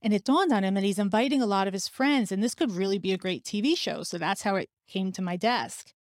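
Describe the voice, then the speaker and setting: A woman's voice: mid-range voice, fast talker, dry recording. Woman, middle-aged, podcast host, personal storytelling, acts out quotes, dry close sound. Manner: animated, acts out quoted dialogue.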